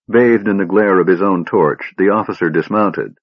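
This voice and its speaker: Low, husky male narrator. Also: moderate pace, hardly any pauses, dry recording, dull audio. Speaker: audiobook narrator. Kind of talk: scripted narration.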